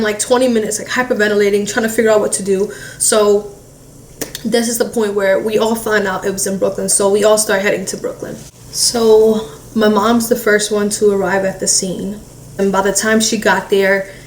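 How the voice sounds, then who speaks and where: A woman recounting a painful family event in halting speech, with many fillers, acting out what relatives said. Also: medium pitch. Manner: halting, heavy filler "like", re-enacts relatives' words. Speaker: family member recounting a loss. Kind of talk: emotional personal storytelling. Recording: echoey room, distant mic, faint hiss.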